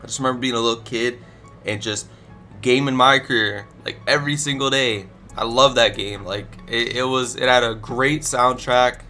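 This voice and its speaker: Young guy kinda stuffy from allergies, bright voice, blunt rambly gaming talk into a mic. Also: mid-range voice, fairly even intonation, normal speed, soft background music. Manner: rambling, blunt opinions, many fillers. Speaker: gaming YouTuber. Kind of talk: casual commentary ranking video games. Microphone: desk microphone.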